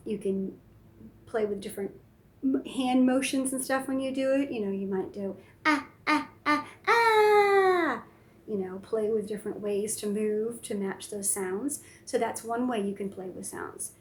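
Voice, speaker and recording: A woman speech therapist giving casual tips to caregivers, relaxed and chatty with plenty of fillers. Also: mid-range voice, moderate pace. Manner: relaxed, chatty, many fillers, demonstrates silly sounds. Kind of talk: casual instructional talk to camera.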